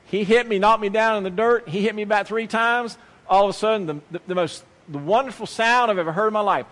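Male preacher with a high voice, emphatic storytelling delivery, long hall reverb. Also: fast, fairly bright tone, slight background noise. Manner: emphatic, storytelling with acted quotes, repeats phrases. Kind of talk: sermon with personal story.

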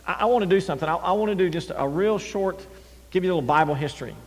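A male pastor preaching a sermon, animated, swinging between loud emphasis and near-whispers. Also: high voice, very fast. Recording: long hall reverb.

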